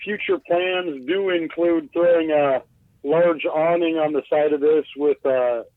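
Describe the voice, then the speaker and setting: Loose and self-deprecating, a man swears freely and uses plenty of filler words while calling into a podcast interview from his bus. He's the guest glassblower, and his slightly high voice moves at a measured pace. The tinny phone line gives a dry recording.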